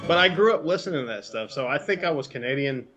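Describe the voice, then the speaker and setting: Middle-aged Southern US man, animated yarn-spinner, salty language, remote call. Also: mid-range voice, fast talker, music in the background. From Georgia, US. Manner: animated storyteller, swears freely, jumps between topics. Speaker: guest. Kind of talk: casual chat.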